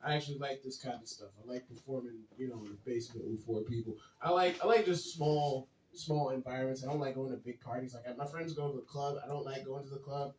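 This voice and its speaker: A man doing a stand-up set, laid-back and dry, breaking into loud shouted and sung bits. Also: mid-range voice, steady tone, fast talker, hardly any pauses, slight background noise. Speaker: headlining stand-up comic. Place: small basement comedy room. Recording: roomy, far from the mic.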